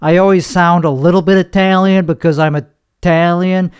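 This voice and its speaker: A man's voice: high voice, steady tone, normal speed, smooth, no echo. Nasal man rambling through a comic monologue. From United States. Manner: self-deprecating, rambling and crude. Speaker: podcast host. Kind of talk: comedic monologue. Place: his bedroom.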